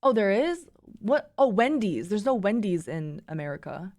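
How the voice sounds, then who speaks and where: A woman's voice: medium pitch, big pitch swings, moderate pace, a little mellow, no room sound, studio quality. A young woman streamer reading a story aloud and breaking off into laughing, swearing, rambling asides. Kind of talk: reading fanfiction aloud with reactions.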